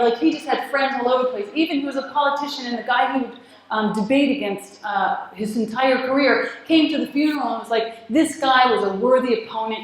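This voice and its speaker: A woman telling a personal story in a talk, acting out the dialogue and laughing often. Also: a little high. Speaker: speaker at a spiritual community gathering. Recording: very echoey hall.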